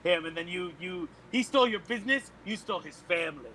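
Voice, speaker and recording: A man's voice: high-pitched, fast talker, a little hiss or hum, rough recording. A man playing a tabletop role-playing game, playful and joking with the group. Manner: playful, jokey, animated. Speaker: player. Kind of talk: casual tabletop play.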